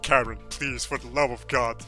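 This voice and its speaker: A man's voice: medium pitch, steady tone, moderate pace, bright, forceful tone, soft background music, close to an everyday voice. A man voicing a weary, despairing man at the end of his rope, pleading and exasperated, cursing as he begs. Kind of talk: voicing a game character in a stream.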